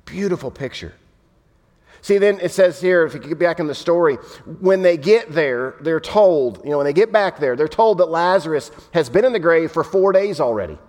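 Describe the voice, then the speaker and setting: A male pastor delivers a conversational sermon, animated and prone to repeating himself. His voice sits a little high. The sound carries a long reverb from a large church hall. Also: moderate pace. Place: church hall with in-room and online audience.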